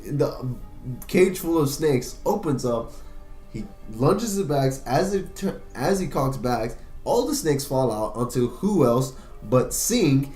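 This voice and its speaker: A man's voice: mid-range voice, slow. A man co-hosting a podcast, retelling a film scene with profane, laughing energy. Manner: animated, profane, laughing storyteller. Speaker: podcast co-host. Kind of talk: casual film recap chat. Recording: echoey room with faint music.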